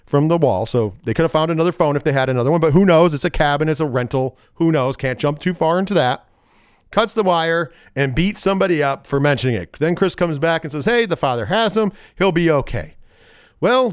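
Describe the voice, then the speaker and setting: A man's voice: on the high side, no room sound, studio quality. A man giving a casual, rambling movie recap, digressive and wry, with profanity and frequent self-corrections. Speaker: movie reviewer.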